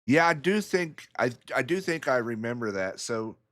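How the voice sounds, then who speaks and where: A man's voice: medium pitch, expressive, normal speed, a bit bright. A man commentating a pool match in a casual way, rambling through stories and chuckling often.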